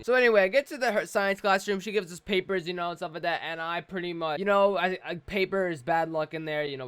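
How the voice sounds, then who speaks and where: Rambling teenage boy, slightly high voice. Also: smooth. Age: teens. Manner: rambling storytelling, animated and chatty. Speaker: gaming commentator. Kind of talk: casual gameplay commentary.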